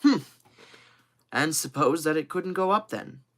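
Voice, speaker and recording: A man's voice: a little high, animated, a little slow, a bit bright, voice pushed up. A man voicing a cheerful, loyal young manservant who talks eagerly and earnestly.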